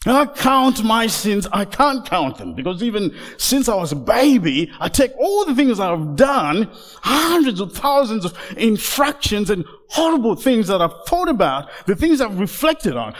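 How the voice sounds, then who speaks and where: A man delivers a sermon in a church sanctuary, his fairly high voice climbing to loud, emphatic peaks and then sinking to near-hushed lows. His delivery is very animated in pitch, and a long reverb trails every phrase. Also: a little slow. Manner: passionate, rising to loud emphatic peaks then dropping very low and soft. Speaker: guest preacher.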